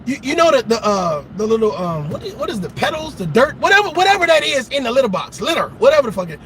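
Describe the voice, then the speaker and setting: A very high-pitched man with a bright, sharp voice tells stories in a casual monologue. His voice swings up and down as he talks, and he swears and laughs along the way. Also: fast talker, a little hiss or hum, low-quality recording. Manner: animated, profane, laughs at his own stories. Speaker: commentator giving dating advice.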